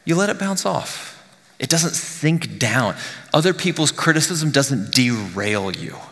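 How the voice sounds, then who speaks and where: A male pastor giving a conversational sermon, often dropping to a hushed near-whisper on key lines. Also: medium pitch, in a large hall. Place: church sanctuary.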